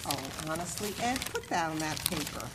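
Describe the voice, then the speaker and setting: An actress playing a brisk, scolding 1950s housewife and mother in a radio drama. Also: low-pitched, lively intonation, noisy background. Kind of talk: 1950s-style radio acting.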